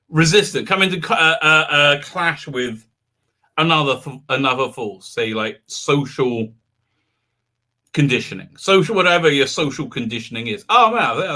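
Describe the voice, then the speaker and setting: Bright and forceful, with a fairly high pitch, this male livestream host keeps the chat casual. His talk wanders and restarts frequently, with laughs cutting into his words.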